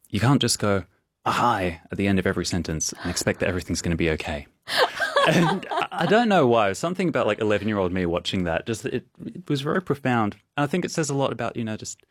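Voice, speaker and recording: A man's voice: on the low side, no room sound. A young man, a newsreader musing in a rambling, thoughtful way about a favourite film line. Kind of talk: casual chat after news bulletin.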